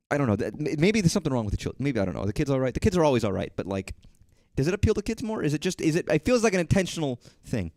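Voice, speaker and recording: Man from Texas, streamer, casual rambling chat, swearing, animated pitch, dry close sound. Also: very fast, no echo.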